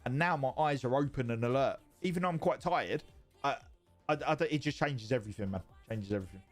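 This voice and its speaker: A man's voice: medium pitch, a little fast, faint music behind. Sweary man chatting on stream. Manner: rambling, sweary, repeats himself. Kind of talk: casual livestream chat reading viewer messages. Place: home streaming setup.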